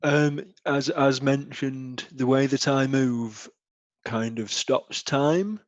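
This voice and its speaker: A soft-spoken man hosts a comedy bit, hesitant and full of ums. The recording is dry, with a dull lo-fi sound. His voice sits at an ordinary male pitch. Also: takes it slowly, dry recording. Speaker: radio host character. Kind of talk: improvised comedy sketch.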